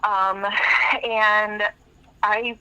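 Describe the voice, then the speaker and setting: A woman's voice: medium pitch, level tone, drawn-out words, pushed and bright, clear, resonant tone. A woman calling in to a radio show, telling a story in a rambling, frank way with lots of fillers. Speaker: caller. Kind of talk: telling a story on a phone call. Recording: tinny phone line.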